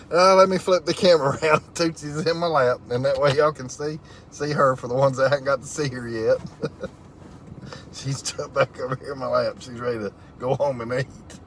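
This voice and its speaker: A man with a drawl hosts a relaxed live stream, reading viewers' comments out loud and laughing along. His talk is folksy and easygoing, at an ordinary middle pitch. A faint vehicle hum sits underneath. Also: normal speed. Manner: reads comments aloud, laughs often, folksy southern phrasing. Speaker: livestream host reading viewer chat. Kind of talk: casual live-stream chat.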